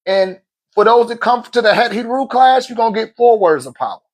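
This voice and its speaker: Guy on a phone live, kinda high voice, preachy and slangy, laughs a lot. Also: lively intonation, fairly quick. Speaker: livestream host. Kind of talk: casual livestream talk.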